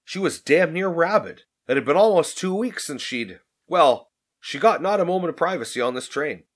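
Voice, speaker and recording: A man narrating an audiobook in an expressive reading. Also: a little high, moderate pace.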